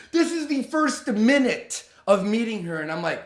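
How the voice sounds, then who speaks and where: Young man, heated storytime rant, heavy swearing, high voice, echoey room. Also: moderate pace, hardly any pauses. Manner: heated, profane, animated retelling with quoted dialogue. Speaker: vlogger telling a story. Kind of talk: ranting storytime.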